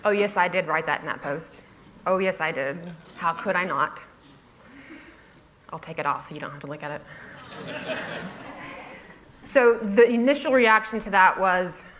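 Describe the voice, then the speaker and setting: A woman's voice: on the low side, lively intonation, normal speed, pauses often, fairly bright tone, a little hiss or hum. Wry woman telling a story on stage. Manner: wry, self-mocking, laughs through her lines. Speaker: conference speaker. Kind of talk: humorous storytelling talk. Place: festival stage before a laughing audience.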